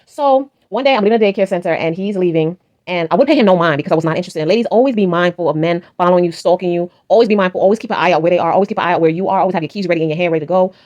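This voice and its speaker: A woman's voice: on the low side, very fast, few pauses, darkish tone. A woman telling a storytime vlog in a blunt, emphatic, profane way. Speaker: vlogger.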